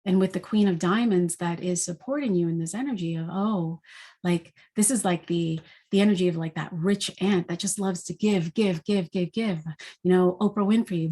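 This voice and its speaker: A woman's voice: lowish voice, normal speed, mellow. A woman giving a spiritual daily energy forecast in a reflective, unscripted way. She asks many rhetorical questions and often says "like".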